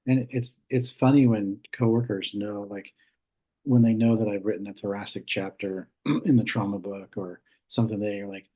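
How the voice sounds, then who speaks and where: A man in his fifties, a guest on a podcast, with a husky, breathy voice. He tells stories with animation and acts out the back-and-forth. The recording sounds a little muffled and lo-fi. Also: lowish voice, moderate pace. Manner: animated storyteller acting out dialogue. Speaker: guest, emergency nurse. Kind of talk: casual conversational interview.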